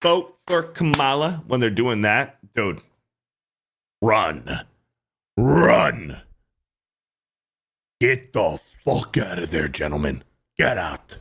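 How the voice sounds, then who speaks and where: A man's voice: fairly low pitch, big pitch swings, very slow, gravelly, long pauses, fairly bright tone, slightly rough. A man hosting a reaction commentary show, ranting in a profane, fired-up way.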